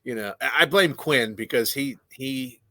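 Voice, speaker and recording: A man's voice: mid-range voice, normal speed, bright, forceful tone, no room sound, clean studio sound. A man who is a pro wrestler and trainer, telling stories as a podcast guest in a blunt, candid way with plenty of swearing. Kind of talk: casual interview storytelling.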